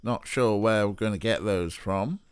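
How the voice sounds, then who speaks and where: A man's voice: fairly low pitch, moderate pace, clean tone, no room sound. A Welsh man chatting casually and swearing now and then while streaming a game. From Wales. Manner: chatty, swears, laughs easily. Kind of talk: casual let's play chat.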